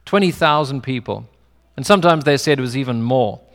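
A brisk, mid-range male voice leads this conversational sermon, which is full of personal stories. The pastor's English accent is non-American, and a long hall reverb hangs over the recording.

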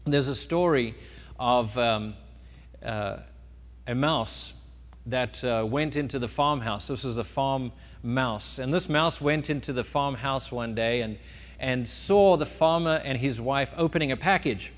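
A man giving a sermon as pastor, telling a story with sudden rises and drops in loudness. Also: medium pitch, unhurried. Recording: long reverb of a church hall.

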